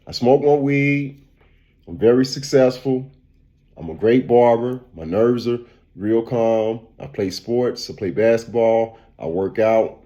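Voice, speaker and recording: Mellow-voiced man ranting casually. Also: medium pitch, highs cut off. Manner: animated and repetitive, calls out "man" and "bro". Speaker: barber and commentary vlogger. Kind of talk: casual opinion rant.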